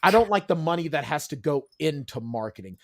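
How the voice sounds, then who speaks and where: A man's voice: fairly high pitch, brisk. A man on a video call as an author guest in casual chat, telling stories with energy and acting out the people he quotes. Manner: animated storyteller, acts out quotes.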